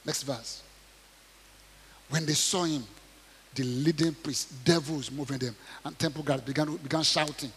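A man preaching a sermon, reading scripture aloud and commenting on it, swinging between quiet asides and loud acted quotes, often asking the audience questions. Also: fairly high pitch, expressive, normal speed, in a large hall, a little hiss or hum. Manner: asks the audience questions, repeats words.

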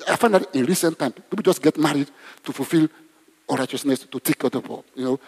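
A man's voice: on the high side, animated, fast talker, gravelly, husky. A man preaching a conversational sermon in a church, often asking the congregation questions. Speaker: pastor. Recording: long hall reverb.

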